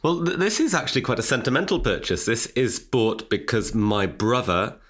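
A man's voice: mid-range voice, expressive, normal speed, a bit bright. A man, a podcast guest, talking casually and hesitantly, often restarting his sentences. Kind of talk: casual chat.

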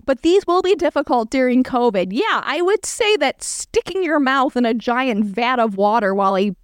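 A woman's voice: high-pitched, expressive, moderate pace, smooth, no room sound, clean studio sound. A woman giving casual, sarcastic reaction commentary, reading a blog aloud and joking about it. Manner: sarcastic, amused, reads aloud and riffs.

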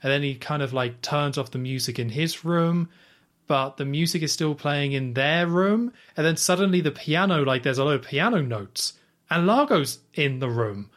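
A man's voice: a little high, animated, moderate pace, fairly bright tone. A man co-hosting a podcast, casually recapping a film scene with lots of "like" and playful asides. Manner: chatty, recounts scenes with lots of "like" and playful quoted reactions. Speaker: podcast co-host.

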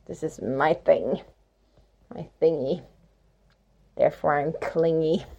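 Mellow, rambling spiritual woman host. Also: low-pitched, takes it slowly, creaky, pauses often. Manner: rambling, reflective, many "like"s, playful rhymes. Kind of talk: reflective spoken monologue.

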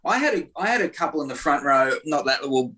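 A man's voice: a little high, very animated, fast talker, bright, forceful tone. A man, a comedian swapping bawdy stories in casual chat and laughing often.

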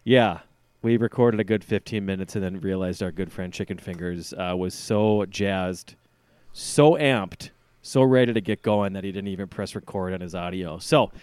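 A man's voice: deep voice, moderate pace, a little mellow, smooth, dry recording. A man hosting a casual podcast chat, rambling and joking at his own expense. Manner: rambling, joking, self-deprecating. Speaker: podcast host.

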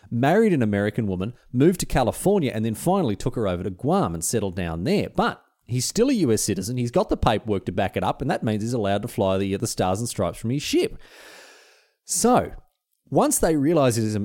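Animated man telling history. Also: mid-range voice. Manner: animated, chatty, slangy. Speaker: podcast host. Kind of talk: comic history storytelling.

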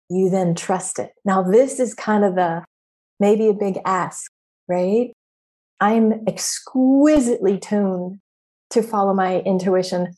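Animated swearing spiritual podcast host woman. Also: medium pitch. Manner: animated, swearing, acting out her inner voices. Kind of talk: casual spiritual coaching talk.

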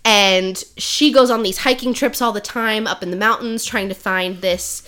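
A woman's voice: medium pitch, steady tone, moderate pace, bright, forceful tone, clean tone. A woman co-hosting a casual podcast, rambling through a book plot with lots of fillers and frequent laughs. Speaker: podcast co-host. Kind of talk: casual chat, book recommendation.

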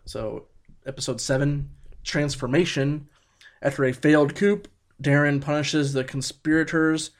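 A man co-hosting a casual podcast, speaking in a relaxed way with many fillers and reading out episode summaries. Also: a little high, unhurried. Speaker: podcast co-host. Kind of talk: casual chat.

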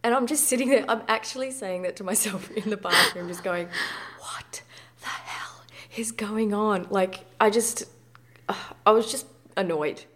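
A woman's voice: medium pitch, moderate pace, fairly bright tone. A woman in her thirties speaking frankly and conversationally in an interview. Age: 30s. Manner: frank, conversational, uses mild swearing. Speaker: guest. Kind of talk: candid personal interview.

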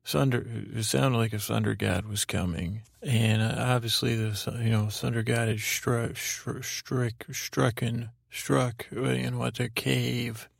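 A man hosting a podcast, telling a rambling improvised sleep story in a halting, low-key way full of fillers and restarts. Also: steady tone, creaky, no room sound, clean studio sound. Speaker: podcast host.

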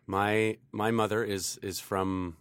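Deep-voiced guy rambling on a podcast, keeps restarting, laughs a lot, dry close sound. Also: level tone, slow pace, fairly bright tone, clean tone, no echo. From Canada. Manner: rambling, self-interrupting, laughs often. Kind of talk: casual chat.

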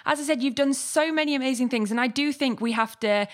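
A woman's voice: high-pitched, quick pace. Enthusiastic woman interviewing a guest. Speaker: podcast host. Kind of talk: casual interview.

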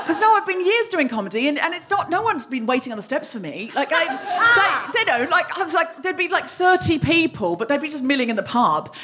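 Woman, comedy host, high voice, very lively pitch, live on stage. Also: fairly quick, slight background noise. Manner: animated, breathless comic storytelling with shrieking acted-out quotes. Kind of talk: live stand-up storytelling. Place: live venue with audience laughter.

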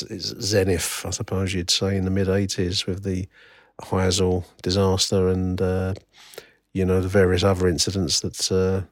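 A man's voice: sits low, dry recording, clean studio sound. A man hosting a solo football history podcast, wry and rambling, with many fillers and restarts as he reads out old newspaper reports. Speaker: podcast host.

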